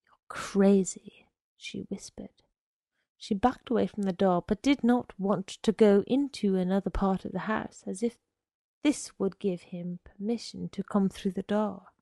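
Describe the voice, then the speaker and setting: A woman reading a short story aloud in a measured, unhurried way. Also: mid-range voice, vocal fry, dark tone, no echo. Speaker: reader.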